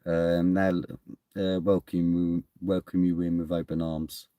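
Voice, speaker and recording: A man's voice: low voice, flat delivery, a little slow, mellow, clear, resonant tone, no echo, studio quality. A man chatting casually on his live stream at home, rambling, laughing often and swearing now and then. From England. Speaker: streamer reading chat. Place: at home indoors.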